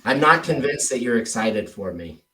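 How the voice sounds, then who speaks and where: A man's voice: mid-range voice, animated, moderate pace, sharp tone, recorded from a distance, low-quality recording. Man coaching with emphatic, exaggerated inflections. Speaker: sales coach. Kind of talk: coaching a role-play drill.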